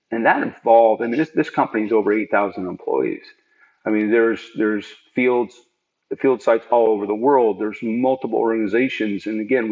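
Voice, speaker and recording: A middle-aged man, a podcast guest, tells earnest, reflective stories of his working life in a conversational interview from home. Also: fairly low pitch. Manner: earnest, reflective, animated storyteller. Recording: dull lo-fi remote audio.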